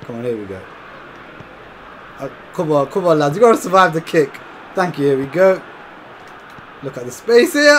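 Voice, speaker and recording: Excitable lad commentating a football game. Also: male voice, a little high, moderate pace, long pauses, a little hiss or hum. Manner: chatty, keeps calling viewers lads, bursts into shouts and laughs. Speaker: gaming YouTuber.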